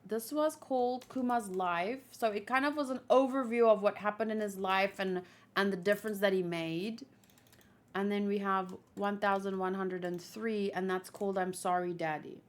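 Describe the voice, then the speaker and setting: A woman's voice: medium pitch, fairly even intonation, normal speed. A woman hosting a manga read-along, reading aloud and chatting casually, thinking aloud with restarts as she talks.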